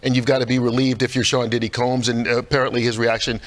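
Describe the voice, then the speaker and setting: Measured male TV news anchor. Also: medium pitch, little pitch movement. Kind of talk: broadcast news analysis.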